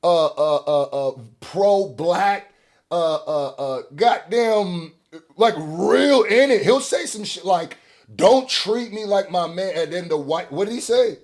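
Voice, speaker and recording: A man hosting a casual album reaction, swinging between excited hype and quieter mumbled asides. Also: sits high, slow pace. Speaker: music reaction host.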